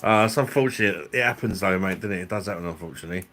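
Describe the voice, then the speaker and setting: Middle-aged bloke, low-pitched, sweary banter for a live stream. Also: male voice, racing, a bit bright, slight background noise. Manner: blunt, sweary, jokey banter with chat. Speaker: live streamer and beer reviewer. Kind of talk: casual live-stream chat.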